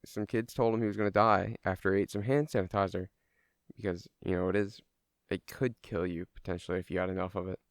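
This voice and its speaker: Quoted big brother from a school bus, blunt and matter-of-fact, deep and dry, as a man puts him on. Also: steady tone, quick pace, no room sound.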